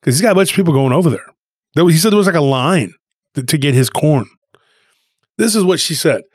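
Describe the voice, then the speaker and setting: A man's voice: fairly high pitch, quick pace, no echo, clean studio sound. Rambling man telling a story. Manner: rambling, animated retelling with frequent restarts. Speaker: podcast co-host. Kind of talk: casual podcast storytelling.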